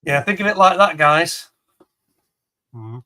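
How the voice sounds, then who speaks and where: A man's voice: a little high, animated, slow pace, pushed and bright. A man hosting a charity model kit auction in casual chat, laughing often and talking up each kit with enthusiasm. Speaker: auction host showing model kits. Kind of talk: casual live-stream chat.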